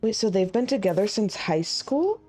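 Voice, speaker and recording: A woman's voice: medium pitch, big pitch swings, moderate pace, mellow, soft background music. A woman streaming a game live, chatting casually and thinking aloud as she works through puzzles.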